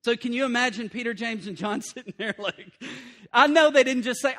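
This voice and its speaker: A middle-aged man preaching a sermon, animated and conversational, repeating points and breaking into asides. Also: very high-pitched, moderate pace.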